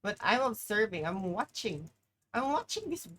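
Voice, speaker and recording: Lively swearing woman streamer. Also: medium pitch, moderate pace, poor audio. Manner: swearing, exclaiming, self-mocking. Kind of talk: live gameplay commentary.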